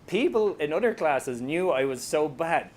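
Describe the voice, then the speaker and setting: A man's voice: fairly high pitch, very animated, normal speed. Joking Irish man giving a talk. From Ireland. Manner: self-deprecating, joking storyteller. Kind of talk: comic public talk.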